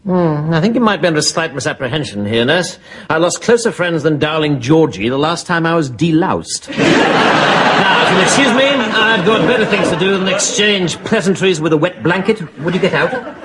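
An actor playing a sarcastic, withering army captain, in a studio sitcom. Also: male voice, a little high, animated, normal speed, a loud crowd, lightly acted. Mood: scornful. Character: sardonic weary male army captain, insulting and scheming. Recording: hissy TV recording, loud noise. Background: studio audience laughter.

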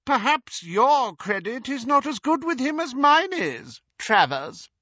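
A man voicing a young woman posing as a sneering dark witch, cold and contemptuous, in an audiobook. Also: very high voice, big pitch swings, measured pace, no room sound, dull audio, voice pushed up, full character voice.

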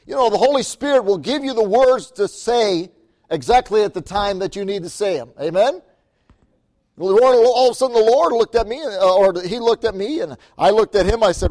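A male missionary preacher telling stories from the pulpit in a slightly high voice. He is lively, laughs often and calls out for amens along the way. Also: normal speed. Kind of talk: sermon storytelling.

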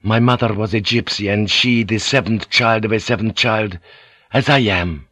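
A man's voice: lowish voice, normal speed, fairly bright tone, dry recording, clean studio sound. A man voicing a blunt, foul-mouthed male ship's pilot who talks in crude oaths. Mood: ominous. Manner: crude, oath-laden, scornful.

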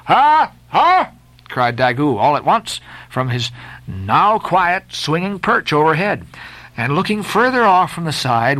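A man reading a classic novel aloud as a narrator, dramatic and expressive. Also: on the high side, dry recording. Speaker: audiobook narrator.

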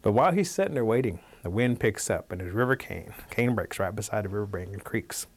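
Man telling a folktale in a fairly low voice. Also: a little fast. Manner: relaxed, animated, conversational. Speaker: storyteller.

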